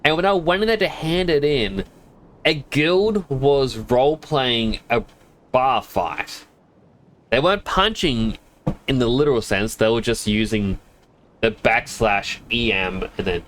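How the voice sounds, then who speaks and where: A man's voice: medium pitch, fairly bright tone, slight background noise. A man streaming a game, chatting casually in a rambling, self-amused way. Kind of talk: casual chat while gaming.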